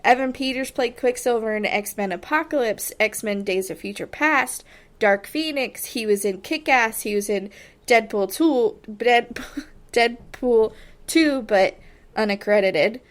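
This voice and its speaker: A woman hosting a solo podcast, giving a chatty, casual recap with frequent fillers and animated asides. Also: fairly high pitch, a little slow. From Texas. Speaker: podcast host.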